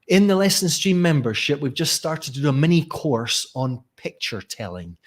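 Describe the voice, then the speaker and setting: A man talking casually as a teacher trainer in a live lesson, musing aloud with frequent restarts. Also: on the high side. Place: Barcelona.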